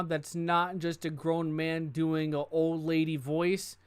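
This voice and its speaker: A man's voice: a little high, level tone, takes it slowly, hardly any pauses, smooth, dry recording. A man giving casual let's-play commentary, thinking aloud, hedging and joking as he works through cases. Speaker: game streamer.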